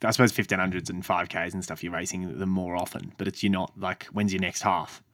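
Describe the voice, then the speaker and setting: A man's voice: low voice, level tone, brisk, a bit bright, dry recording, clean studio sound. A man hosting a casual podcast, joking and teasing his co-host. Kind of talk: casual chat.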